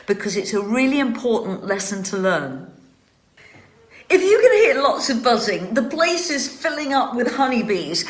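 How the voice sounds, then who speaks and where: A woman's voice: mid-range voice, fairly bright tone. Chatty woman hosting from home. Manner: chatty and explanatory. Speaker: host. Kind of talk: casual home broadcast chat, answering viewer questions. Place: glass vinery at home.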